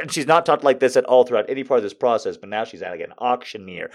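A man's voice: medium pitch, quick pace, hardly any pauses. A man doing stand-up, telling a story with profanity and exasperation and acting out the people in it. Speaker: stand-up comedian.

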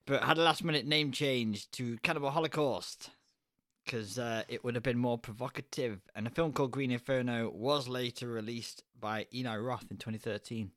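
A man's voice: medium pitch, steady tone, normal speed, fairly bright tone, no room sound, studio quality. A man co-hosting a casual podcast chat, laughing often as he reads facts from his notes. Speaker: podcast co-host.

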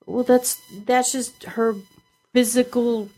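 A woman's voice: on the high side, takes it slowly, soft background music, rough recording. A woman in her thirties chatting casually as a podcast co-host and mother, telling stories with animation and laughing. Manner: animated storyteller, laughs while talking. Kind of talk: casual chat.

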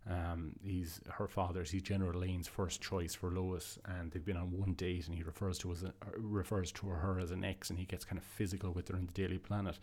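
A man's voice: sits low, flat delivery, brisk, hardly any pauses, darkish tone. A man giving a casual, enthusiastic comic book review, rambling and restarting his sentences. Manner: rambling, with frequent restarts and fillers. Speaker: podcast host reviewing comics.

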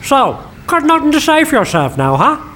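A man's voice: very high voice, wildly swooping pitch, moderate pace, bright, forceful tone, slight background noise, exaggerated voice. Guy doing a detective, cheeky swearing banter, voice jumps all over. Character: cheeky, foul-mouthed detective, sly mischief-maker. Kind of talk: comedy improv sketch.

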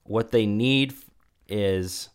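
A man with a very deep voice speaks slowly in a faith-based conversation. He talks haltingly and often repeats a word or restarts while he works out his thought. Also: smooth.

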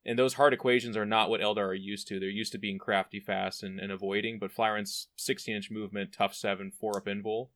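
A man speaking as a podcast guest, telling his story in an animated, profane, self-deprecating way. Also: fairly low pitch, brisk, hardly any pauses, dry recording. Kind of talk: casual storytelling.

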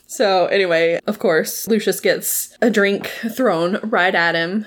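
A woman's voice: mid-range voice, measured pace, few pauses. A woman chatting casually, recapping a TV episode with lots of laughter and playful voices for the characters. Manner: animated, laughs often, acts out characters' lines. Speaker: podcast co-host recapping a TV episode. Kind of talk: casual chat.

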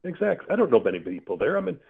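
A man's voice: fairly low pitch, rapid-fire, husky. Middle-aged man on a tinny phone line. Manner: earnest, animated storyteller acting out his own asides. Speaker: guest. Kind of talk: telling a personal story in conversation.

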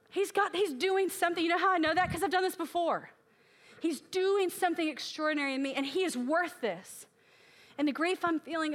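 A woman's voice: extremely high pitch, fairly bright tone. A woman preaching a sermon in a candid, emotional way, acting out her own prayers aloud and sounding tired from crying.

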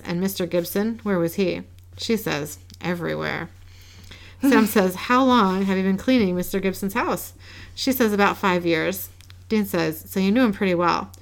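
A woman casually recapping an episode as a podcast co-host, reading the characters' lines in a flat, low-key way. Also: vocal fry. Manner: reads quoted lines in a flat, low-key way with small laughs.

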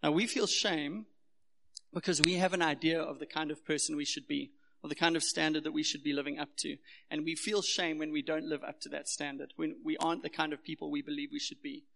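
A man's voice: a little high, fairly even intonation, fairly quick, vocal fry, pushed and bright. A man from Durban with a South African accent, preaching a sermon in a church in an earnest, personal, conversational way. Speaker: pastor. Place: church hall. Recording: echoey hall.

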